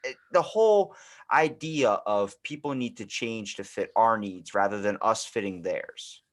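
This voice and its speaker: A young man, a podcast guest, telling stories in an animated, slangy way. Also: on the low side, measured pace. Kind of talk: casual podcast chat.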